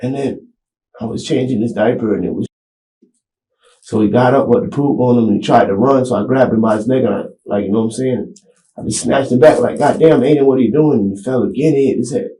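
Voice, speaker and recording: A man's voice: mid-range voice, dark tone. Rambling man in an echoey interview room. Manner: rambling, halting, restarts with "you know what I'm saying". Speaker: suspect being interviewed by detectives. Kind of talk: recorded police interview.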